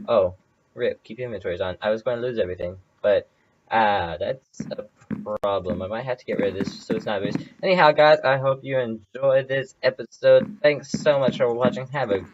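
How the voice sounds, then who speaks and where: A man's voice: on the low side, dull audio, background noise. A young man casually commenting on his own gameplay, thinking aloud and rambling with lots of fillers. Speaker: gameplay video host.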